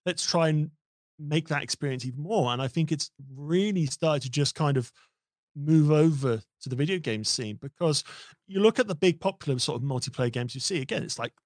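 A man hosting a casual streamed chat, animated and joking, often restarting his sentences. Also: on the high side, fairly quick, no room sound, studio quality. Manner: animated, hops into silly voices, many restarts. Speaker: host.

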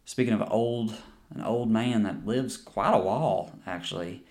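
A man's voice: fairly low pitch, a little slow, a little mellow. A young man hosting a podcast and chatting casually about a movie, rambling and swearing a lot. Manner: rambling, profane, with frequent restarts and laughs. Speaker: podcast host. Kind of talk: casual movie review chat.

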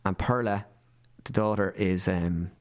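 A man's voice: sits low, steady tone, unhurried, lo-fi sound. An Irish man, a podcast guest, tells rambling anecdotes full of fillers and acts out the voices of the people in them. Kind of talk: storytelling in a podcast interview.

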